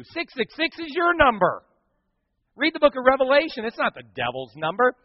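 A man preaching a sermon as pastor, telling a story with big swings from loud to hushed. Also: extremely high pitch, brisk. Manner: animated storytelling with dramatic swings in volume. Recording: dull sound with long hall reverb.

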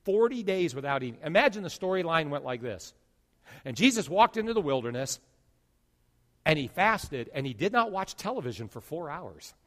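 A man pastor preaching a sermon, swinging between loud declarations and hushed asides. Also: on the high side, big pitch swings, moderate pace, long reverb tail.

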